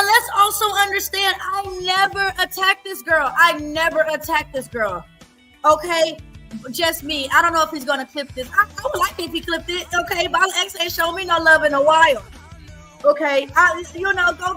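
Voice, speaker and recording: A woman arguing on a livestream call, loud and profane, repeating herself. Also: very high voice. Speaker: livestream guest. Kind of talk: heated livestream argument.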